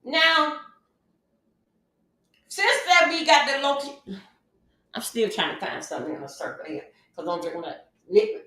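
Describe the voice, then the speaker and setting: A woman's voice: on the high side, big pitch swings, measured pace, long pauses, bright, forceful tone. A woman hosting a casual livestream, chatty and emphatic, often repeating her phrases. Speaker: livestream host. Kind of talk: casual livestream advice talk. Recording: very echoey room, mic far off.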